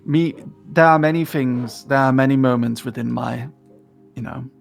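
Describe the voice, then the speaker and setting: A woman's voice: rumbling low, normal speed, gravelly, soft background music. A woman streaming and reading aloud in a playful, mock-grandiose way, often giggling.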